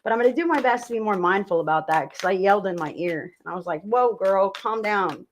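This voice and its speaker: A woman's voice: lowish voice, racing, slight background noise. A woman hosting a live tarot reading stream, chatting casually with her viewers, sometimes swearing and sometimes turning away from her microphone. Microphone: desk mic, turns away from it at times.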